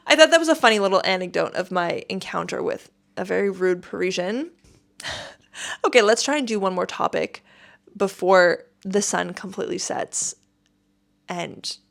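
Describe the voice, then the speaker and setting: Woman podcast host, casual storytelling, emphatic, medium pitch, at home. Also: moderate pace, gravelly, pauses often. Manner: animated, emphatic, exasperated retelling.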